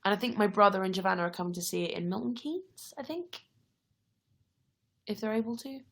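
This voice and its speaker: A woman's voice: medium pitch, fairly quick. Young woman on a late-night livestream, sleepy and chatty, reading out viewer questions. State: tired, yawning. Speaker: livestream host. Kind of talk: casual live-stream chat answering viewer questions.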